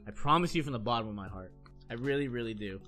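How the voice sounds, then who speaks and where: A man's voice: mid-range voice, lively intonation, bright, forceful tone, faint music behind. A man in his thirties ranting heatedly in casual chat on his stream, swearing often and restarting his sentences. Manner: heated, profane, fast rambling with many restarts.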